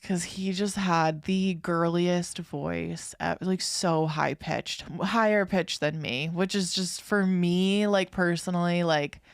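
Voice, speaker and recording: A young woman with a low, gravelly voice co-hosts a casual podcast, rambling through her stories with plenty of fillers and restarts. She laughs often, and the recording is close and dry. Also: fairly even intonation, takes it slowly, hardly any pauses, no room sound. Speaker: podcast co-host. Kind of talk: casual chat, storytelling.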